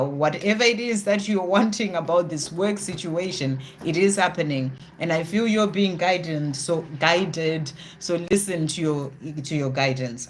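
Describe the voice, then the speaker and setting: Live tarot reader, middle-pitched, reassuring, chatty fillers, thinks aloud between cards. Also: slight background noise. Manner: reassuring, talks straight to the viewer with many "you know" fillers. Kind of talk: live card reading with viewers.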